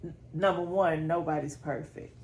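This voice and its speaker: A woman podcast host asking slow, measured, supportive questions in an interview. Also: sits low, steady tone, darkish tone. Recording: echoey room with faint background noise.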